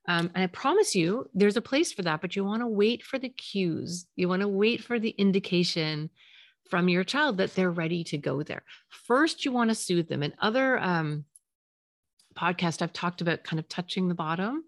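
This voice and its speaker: A woman hosting a parenting podcast, talking gently and reassuringly in a solo advice episode. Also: lowish voice, normal speed, no room sound, clean studio sound. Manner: gentle, reassuring, acts out parent and child lines.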